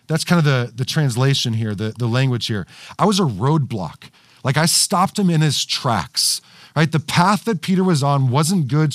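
A man's voice: medium pitch, no echo. A man preaching a sermon to a livestream audience, talking casually with many fillers, restarts and frequent "right?" asides. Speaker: pastor. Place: studio with cameras and screens.

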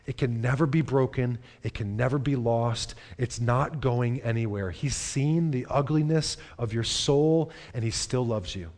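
A man's voice: mid-range voice, a little slow, few pauses, darkish tone. A man preaching a sermon in a church, earnest and repeating phrases for emphasis. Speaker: pastor. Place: church hall.

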